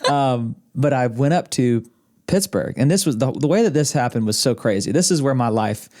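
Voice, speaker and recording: Here the man's medium-pitched voice is darkish and lively in intonation, moving at a moderate pace. Married to the host, he's an Arkansas-born podcast guest who spins rambling tales in easy conversation, often laughing softly and restarting lines, inside a podcast studio room.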